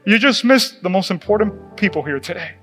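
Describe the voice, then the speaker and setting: Male pastor, middle-aged, animated sermon, high voice, reverberant church hall, soft music behind. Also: brisk. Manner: animated, laughing, acts out quoted voices. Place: church sanctuary.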